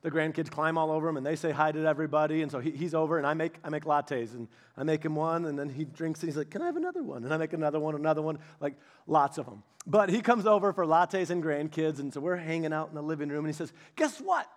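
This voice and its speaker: A man pastor giving a casual, storytelling sermon, chatty and animated, speaking directly to his congregation. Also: a little high, fast talker, few pauses. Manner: chatty, animated, many restarts and asides.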